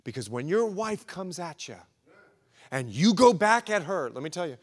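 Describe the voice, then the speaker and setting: A man's voice: sits high, sing-song, moderate pace. A man preaching a sermon as pastor, emphatic and repetitive, swelling and dropping in intensity. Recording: echoey hall recording.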